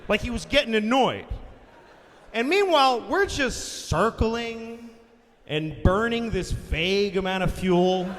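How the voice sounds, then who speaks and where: A male stand-up comedian tells a story with exasperated sarcasm. His voice sits fairly high for a man. It rings out across a large concert hall with long reverb and a faint audience hum. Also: expressive, measured pace, fairly bright tone.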